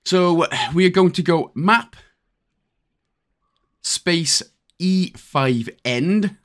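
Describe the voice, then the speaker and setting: A Welsh man talks the listener through a game walkthrough in a casual, chatty way with the odd joke thrown in. His voice sits a touch high and swings around a lot, keeping the instructions upbeat and easygoing. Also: expressive, extremely slow, fairly bright tone. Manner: chatty, jokey, step-by-step instructions. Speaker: gaming channel host.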